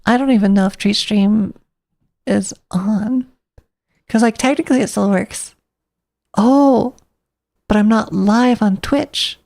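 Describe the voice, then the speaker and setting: A woman's voice: medium pitch, slow pace, gravelly, long pauses, a little mellow. A woman streamer chatting casually, rambling and thinking aloud to herself.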